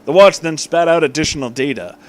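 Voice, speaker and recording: A man's voice: a little high, fairly quick, a little hiss or hum. A young man comically reading a story aloud, swearing freely and breaking off for joking asides. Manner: irreverent, swearing, frequently breaking off to joke. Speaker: fan-fiction reader.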